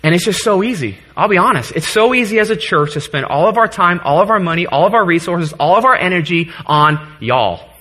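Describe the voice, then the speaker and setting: Earnest preacher man with a bright, husky voice. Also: high-pitched, lively intonation, a little fast, few pauses. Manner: earnest, gets choked up, jokes with the congregation. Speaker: pastor. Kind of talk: sermon. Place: church.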